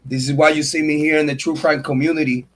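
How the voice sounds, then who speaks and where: A man in his forties hosts a true crime channel and rants on a livestream. His voice sits high for a man. He sounds angry and emotional, swears freely and circles back to the same phrases. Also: flat delivery, fast talker. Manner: angry, profane, emotional, repeats himself. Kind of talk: livestream rant.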